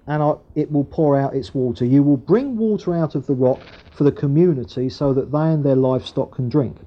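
Male preacher with a mellow tone and a lively, rising-and-falling delivery. Chatty sermon style with plenty of asides, on a dull lo-fi recording. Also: fairly high pitch. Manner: conversational, with frequent asides and tag questions. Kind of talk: sermon with Bible reading.

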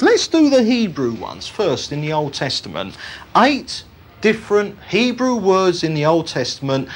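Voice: medium pitch, husky. A preacher giving an emphatic Bible teaching sermon, often putting rhetorical questions to the congregation.

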